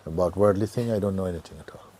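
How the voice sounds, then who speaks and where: Man, spiritual teacher, satsang talk, husky, warm mellow tone, soft near-whispers, easy laughter. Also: low-pitched. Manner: gentle, unhurried, often dropping to a near whisper; laughs easily, joyful and earnest.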